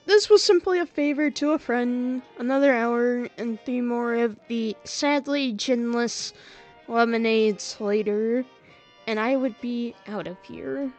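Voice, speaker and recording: Slow, giggly woman streamer. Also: on the high side, faint music behind. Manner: giggly, reactive, chatty. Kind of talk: game playthrough with reading aloud.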